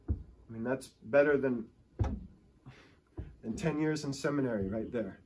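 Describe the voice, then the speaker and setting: A man's voice: medium pitch, moderate pace, pauses often, darkish tone, slight background noise. A male pastor preaching a sermon, telling stories with emphatic, rising and falling delivery.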